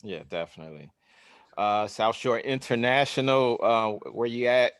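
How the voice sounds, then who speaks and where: A man's voice: mid-range voice, expressive, moderate pace, a bit bright, clear, resonant tone, no echo, studio quality. A man moderating a student Q&A, calling on schools with brief encouraging remarks. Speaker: interview moderator.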